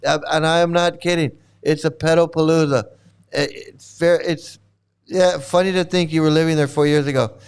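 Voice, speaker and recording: On his commentary channel, a man delivers angry reactions, getting heated, swearing a lot and repeating himself. His voice sits on the high side, with a darkish, clear and resonant tone.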